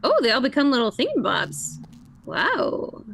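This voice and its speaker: A woman's voice: high-pitched, wildly swooping pitch, normal speed, gravelly, fairly bright tone, a little hiss or hum. Giggly woman chatting over a game. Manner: giggly, playful storytelling. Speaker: streamer playing a game. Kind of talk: casual chat.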